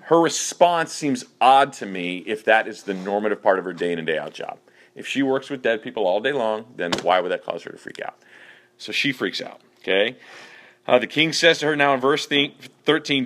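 A man's voice: mid-range voice, animated, moderate pace, a bit bright. Casual man leading a Bible study. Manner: casual, asks the group questions. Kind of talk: teaching a group Bible study.

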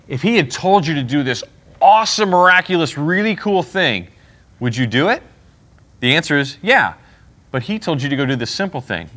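Bright, punchy male Bible teacher; casual and slangy, keeps asking the class questions. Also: medium pitch. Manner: casual, paraphrases scripture in slang.

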